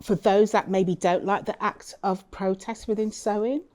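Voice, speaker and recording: A woman moderating a panel conversation, asking her questions in a halting way and searching for words. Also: medium pitch, fairly even intonation, a little mellow. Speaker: interviewer, academic.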